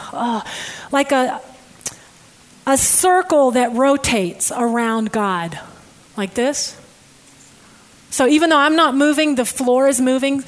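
Woman, preacher, conversational sermon, emotive, hushed to loud swings, fairly high voice. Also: poor audio.

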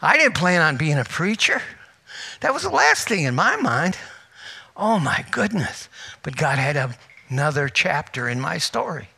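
An older man preaching a sermon as pastor, animated and emotional, with laughing asides. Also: a little high, moderate pace, vocal fry, husky.

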